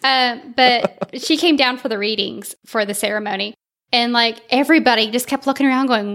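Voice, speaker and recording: A chatty woman with an Alabama accent, guesting on a podcast and telling family stories with an easy laugh. Her voice sits a little high. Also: a little fast, fairly bright tone. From Vallejo, California. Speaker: podcast guest, co-host of her own show. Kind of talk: casual interview chat.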